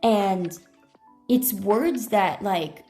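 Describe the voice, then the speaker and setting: Gravelly-voiced woman streamer. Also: mid-range voice, very slow, dark tone, faint music behind. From United States. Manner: rambling storytelling full of fillers and self-corrections. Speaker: IRL streamer. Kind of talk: casual live-stream chat.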